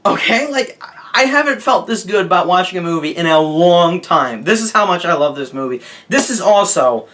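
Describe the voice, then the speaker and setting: Young male reviewer, fairly high and bright-voiced, emphatic, talks straight to viewers. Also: lively intonation, moderate pace. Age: young adult. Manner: gushing, emphatic, asks "okay?" and says "guys" often. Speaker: movie reviewer. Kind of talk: casual video review.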